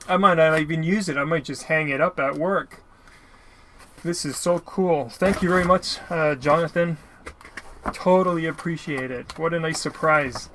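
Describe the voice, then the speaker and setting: A man's voice: a little high, moderate pace, a bit bright, slight background noise. A man casually narrating an unboxing of mail he received, rambling and apologizing often. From Canada. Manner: rambling, apologetic, lots of filler. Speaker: YouTuber opening mail.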